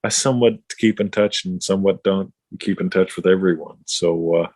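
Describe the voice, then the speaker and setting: A middle-aged man, co-hosting a casual chat, blunt and swearing freely as he tells animated stories. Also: low voice, normal speed, dry recording. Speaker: podcast co-host.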